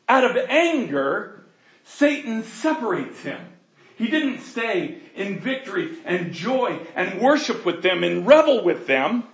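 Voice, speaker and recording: High bright-voiced male preacher. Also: vocal fry, roomy sound. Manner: animated, laughs often, acts out scripture voices. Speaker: pastor. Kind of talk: sermon.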